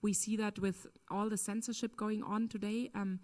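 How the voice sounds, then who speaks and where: A woman's voice: mid-range voice, steady tone, normal speed, a little mellow. A woman speaking at a conference, answering a question in an earnest, emphatic way with frequent "um" and "you know". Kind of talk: lecture Q&A answer.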